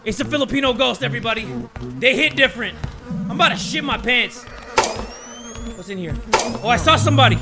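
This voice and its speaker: A man giving jumpy, joking let's-play commentary on a horror game, often breaking into loud screams. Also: extremely high pitch, brisk, gravelly, long pauses, background noise. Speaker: gaming YouTuber.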